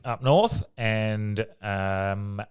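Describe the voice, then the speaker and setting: A man's voice: on the low side, very slow, clear, resonant tone. A man co-hosting a podcast in casual chat, talking hesitantly with many fillers and restarts. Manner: hesitant, trails off, lots of fillers and agreeing murmurs. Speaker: podcast co-host.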